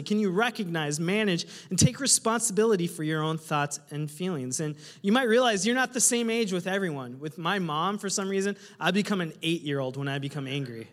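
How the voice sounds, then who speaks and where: A male pastor preaching a humorous, animated sermon to his congregation, often putting questions to the listeners. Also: high voice. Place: church hall with a congregation. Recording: reverberant hall.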